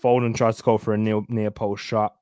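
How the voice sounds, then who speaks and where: A man's voice: fairly low pitch, level tone, a little fast, a little mellow, smooth, no echo, clean studio sound. A young man hosting a live football watchalong, chatting and laughing through casual match commentary. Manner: chatty, laughs often, banter. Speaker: watchalong host.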